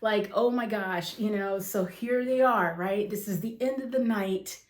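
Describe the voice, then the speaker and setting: A woman's voice: mid-range voice, measured pace. A woman in her thirties hosting a wrestling talk show, gushing and emotional, calling her viewers "you guys" and exclaiming "oh my gosh.". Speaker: wrestling vlogger. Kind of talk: excited casual chat to camera. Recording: echoey room.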